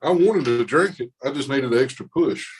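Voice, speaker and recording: A man's voice: mid-range voice, animated, moderate pace, slightly rough, low-quality recording. A man with a heavy Mississippi Southern accent, a laid-back podcast guest chatting casually. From Southern United States. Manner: laid-back, easygoing, drinking. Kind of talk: casual chat.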